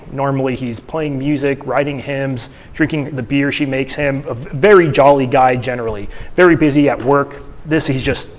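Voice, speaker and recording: A man's voice: medium pitch, a little mellow, long reverb tail. A man teaching a church class in a casual, conversational way, often restarting his sentences. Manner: conversational, with frequent restarts and fillers.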